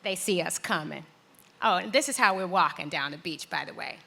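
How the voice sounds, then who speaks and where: A middle-aged woman telling a personal story on stage in a large hall, acting out the voices with big jumps in pitch. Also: animated, a little fast, gravelly, pushed and bright, a little hiss or hum. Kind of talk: live storytelling performance.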